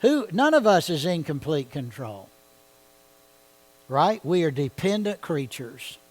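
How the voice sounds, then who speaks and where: A man's voice: fairly high pitch, very animated, unhurried, darkish tone, rough recording. A man leading a church Bible study, talking conversationally and often asking his listeners questions. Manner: conversational, asks the audience questions.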